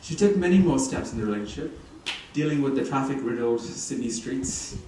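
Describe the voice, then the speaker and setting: A man's voice: mid-range voice, lively intonation, fairly quick. A young man giving a humorous, teasing wedding speech about the couple. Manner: playful, teasing storytelling. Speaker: wedding ceremony speaker. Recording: echoey distant venue sound with ambient noise.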